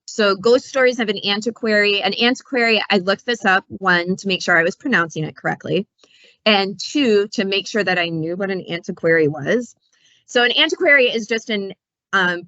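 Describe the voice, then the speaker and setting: A woman's voice: medium pitch, a bit bright, no room sound, lo-fi sound. A woman librarian chatting casually about books, telling stories in a playful way with asides. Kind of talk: casual book talk.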